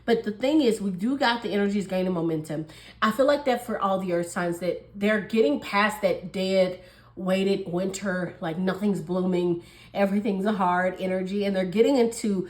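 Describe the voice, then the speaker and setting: A woman's voice: mid-range voice, normal speed, darkish tone, reverberant, rough recording. A woman giving a casual tarot reading in a chatty way. She laughs often and acts out little dialogues. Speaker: tarot reader.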